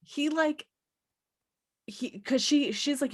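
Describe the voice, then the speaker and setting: A woman's voice: on the low side, expressive, unhurried, a bit bright. A woman co-hosting a podcast, giving sarcastic, exasperated commentary on a movie. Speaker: podcast co-host. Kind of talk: casual movie review chat.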